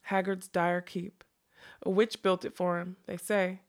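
A woman voicing a wry middle-aged male magician in a novel read aloud, speaking in a hushed, measured way. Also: lowish voice, flat delivery.

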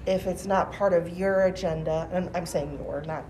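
A woman in her forties, a teacher, answering interview questions in a thoughtful, measured way with restarts. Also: lowish voice, fairly even intonation, darkish tone, a little hiss or hum, low-quality recording. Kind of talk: conversational podcast interview.

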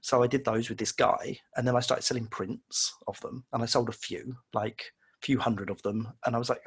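A man's voice: mid-range voice, steady tone, a little fast, breathy edge. A man, a guest on an interview, telling casual, rambling, self-deprecating stories and acting out the voices of people he quotes. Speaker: illustrator guest. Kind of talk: casual storytelling in conversation.

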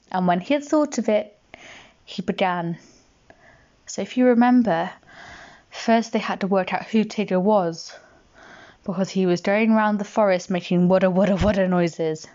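A woman reads a bedtime story aloud to a child in a gentle, chatty way, her voice at a middling pitch. The recording is slightly muffled and lo-fi.

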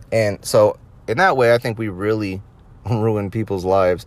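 A man's voice: on the low side, measured pace. A young man casually recounting old stories in a laid-back, amused way. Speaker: storyteller. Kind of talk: casual anecdote.

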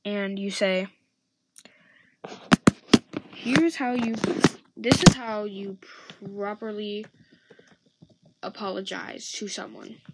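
A woman's voice: mid-range voice, heavy background noise. A woman hosting a show, talking through friendship advice in an earnest, casual way with frequent restarts. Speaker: host giving friendship advice.

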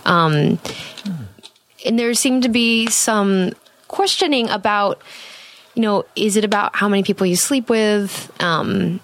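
A young woman hosts a candid podcast chat, talking freely and laughing often. Her voice sits at an ordinary middle pitch for a woman. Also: unhurried. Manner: giggly, chatty, frequent laughs. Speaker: podcast host.

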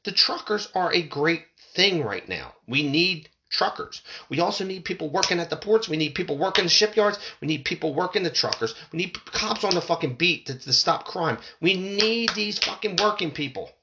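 A man's voice: sits high, lively intonation, moderate pace, few pauses, noisy background. A man hosting a podcast, reading news aloud and breaking into angry, profane rants, stumbling and repeating words when worked up. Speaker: podcast host. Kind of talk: reading and ranting about news articles.

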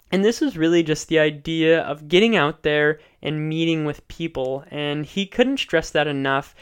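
A man hosting an investing podcast, recapping guest episodes alone in a measured, explanatory way. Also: a little high, clear, resonant tone. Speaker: podcast host.

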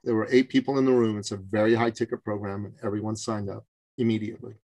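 A man from Canada telling a story as a guest on a podcast, in an animated and emphatic way. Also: fairly low pitch, fast, dry recording, low-quality recording. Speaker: podcast guest, business coach. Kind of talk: interview storytelling.

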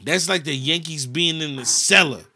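A man's voice: on the high side, moderate pace. A man from the United States, ranting in a casual chat on a podcast and cursing a lot. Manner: animated ranting, heavy cursing.

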